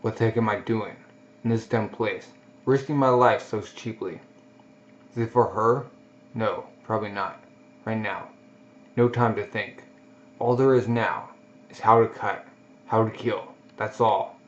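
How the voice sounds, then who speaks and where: A man voicing a grim, battle-worn young mercenary in a slow, low inner monologue, on a dull lo-fi recording. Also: steady tone, close to an everyday voice. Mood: brooding.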